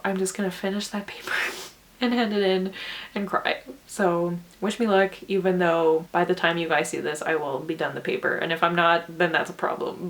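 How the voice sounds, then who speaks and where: A young woman chatting casually to her vlog camera, laughing often between sentences. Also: medium pitch. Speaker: vlogger. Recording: echoey room with soft music.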